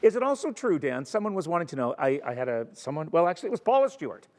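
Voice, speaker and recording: A man's voice: a little high, very animated, racing, a little mellow, in a large hall. A man hosting a casual theatre interview, teasing his guest and laughing often. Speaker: host.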